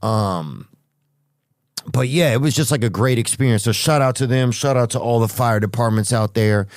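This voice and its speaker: A man's voice: mid-range voice, fairly even intonation, fairly quick, dry recording, studio quality. A man hosting a podcast, telling comic stories in a rambling way with restarts and asides. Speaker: podcast host. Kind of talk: comedic storytelling monologue.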